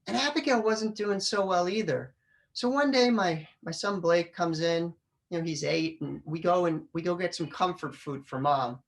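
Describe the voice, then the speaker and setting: A man's voice: high-pitched, normal speed, vocal fry. Middle-aged man telling a funny story. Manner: animated storyteller, acts out family voices. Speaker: public speaker. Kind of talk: humorous storytelling speech. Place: club meeting room.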